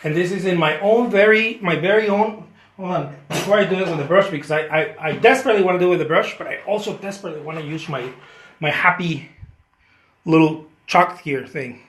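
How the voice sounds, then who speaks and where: A man's voice: fairly high pitch, a little fast, fairly bright tone, reverberant, slight background noise. A man painting live for his viewers, chatting casually and joking about himself with playful boasts, and thanking viewers by name. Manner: playful, self-mocking boasts. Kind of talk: casual live-stream chat while painting.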